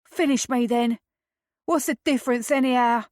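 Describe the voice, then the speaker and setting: A woman's voice: fairly high pitch, normal speed, darkish tone, dry recording, clean studio sound, voice pushed up, close to an everyday voice. A woman voicing a frail, defiant teenage boy with a Cockney accent who talks sullenly and shakily. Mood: resigned.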